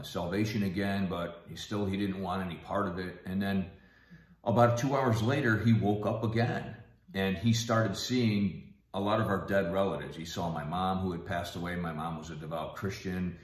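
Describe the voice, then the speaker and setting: A man with a very low, deep voice tells a personal family testimony. He speaks softly and haltingly, pausing often. The sound carries the echo of a roomy space. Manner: soft-spoken, halting, with frequent pauses. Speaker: guest sharing a family testimony.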